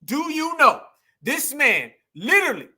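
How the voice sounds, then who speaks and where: A man hosting a livestream, delivering animated, profane ranting commentary straight to his audience. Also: very high voice, a little slow. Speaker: livestream host.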